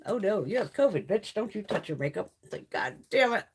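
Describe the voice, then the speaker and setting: A woman's voice: medium pitch, big pitch swings, brisk, a little hiss or hum. A middle-aged woman hosting a casual beauty live stream, chatty and blunt, swearing freely and laughing often.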